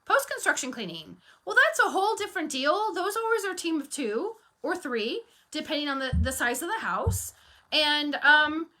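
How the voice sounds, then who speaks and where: A woman coaching on running a cleaning business, telling stories frankly and firmly, acting out bits of dialogue. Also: high voice. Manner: animated storytelling, acting out dialogue; firm and frank. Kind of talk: casual talk to camera.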